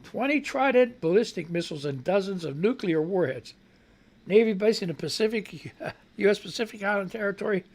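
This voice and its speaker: Male radio host with a gravelly, slightly rough voice; reads news copy, then rants sarcastically with profanity. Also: sits high, animated, a little fast. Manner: sarcastic, profane ranting while reading news. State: voice not quite right. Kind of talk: live radio news commentary.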